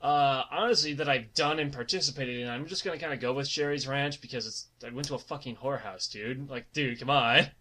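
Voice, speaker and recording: A man's voice: mid-range voice, a little fast, hardly any pauses, pushed and bright, a little hiss or hum. A young man co-hosting a podcast in casual chat, sarcastic and swearing freely. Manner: crude, sarcastic, heavy swearing. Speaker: podcast co-host.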